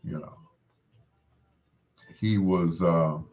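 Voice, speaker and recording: Hosting a casual talk show, a middle-aged man speaks low and draws out his words as he gently, meanderingly consoles a grieving listener, restarting often.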